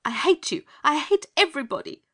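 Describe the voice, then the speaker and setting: A man voicing an upset young girl who is tearful and cross, in a high sobbing falsetto. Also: expressive, normal speed, vocal fry, bright, forceful tone, heavily acted.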